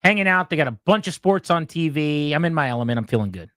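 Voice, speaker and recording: Male sports-radio host, animated storyteller, dry close mic. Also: fast talker, dry recording. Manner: animated storytelling, mimics others in a loud high voice. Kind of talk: casual radio talk.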